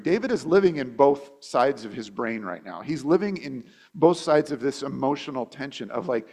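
A man's voice: medium pitch, lively intonation, fairly quick, hardly any pauses, darkish tone. A man preaching a sermon as a pastor, talking conversationally, often repeating and restarting words, and acting out quoted voices.

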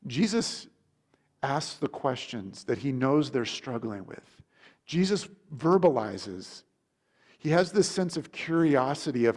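A man's voice: mid-range voice, lively intonation, moderate pace, darkish tone. Guy preaching casual sermon, rambly, lots of like and restarts, acts out the questions. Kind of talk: conversational sermon.

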